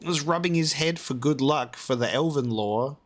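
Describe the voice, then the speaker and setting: A man's voice: a little high, moderate pace. A man reacting to a video game as a let's-play host, exasperated and rambling, often swearing.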